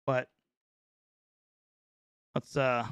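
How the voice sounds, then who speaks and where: A middle-aged North Carolina man hosts a casual live reaction stream, joking and teasing his chat with excitable banter. He speaks extremely slowly, and the recording is dry and studio-clean.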